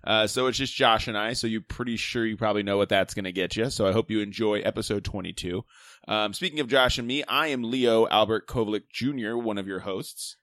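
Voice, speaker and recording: A man's voice: on the low side, a little fast, a bit bright, dry recording, studio quality. Rambling jokey male podcast co-host. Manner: rambling, self-correcting, jokey. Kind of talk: casual podcast chat.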